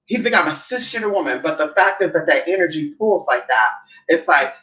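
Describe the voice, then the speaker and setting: A woman's voice: on the low side, expressive, fast, fairly bright tone, rough recording. A woman hosting a casual chat, sassy and blunt, who often acts out other people's voices when she quotes them. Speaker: host.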